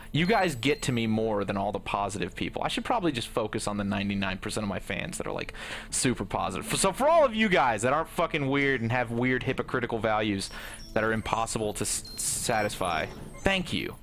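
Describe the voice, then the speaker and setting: A man's voice: fairly low pitch, animated, fairly quick. A young man livestreaming a game, talking casually with lots of swearing and ranting. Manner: profane, ranting, bursts into shouting. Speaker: gaming livestreamer.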